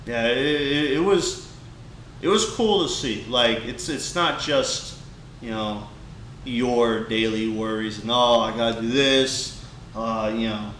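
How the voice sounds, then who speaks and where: A man's voice: mid-range voice, takes it slowly, a bit bright. A young man co-hosting a podcast, telling a heartfelt story in a rambling way, full of restarts. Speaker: podcast co-host. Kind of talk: casual podcast chat. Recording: echoey room, faint background hiss.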